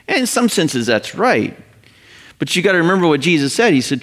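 A middle-aged male pastor preaching to his congregation with a slightly high voice. He talks in a loose, conversational way. He slips into quick little acted-out voices for the people he quotes. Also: expressive, fairly bright tone. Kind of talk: sermon.

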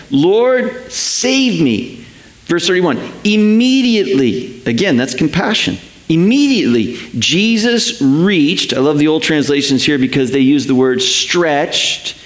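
A man preaching a sermon, animated, repeating words for emphasis and checking in with "right?". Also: fairly high pitch, roomy sound, low-quality recording. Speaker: pastor.

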